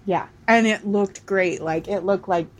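A woman's voice: medium pitch, measured pace. Giggly teasing woman co-host. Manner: giggly, teasing, fan enthusiasm. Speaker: podcast co-host. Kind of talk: casual chat.

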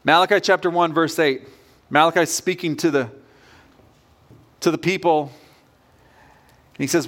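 A man's voice: fairly high pitch, moderate pace, pauses often, fairly bright tone. A man preaching a sermon as pastor, earnest and direct in a conversational way.

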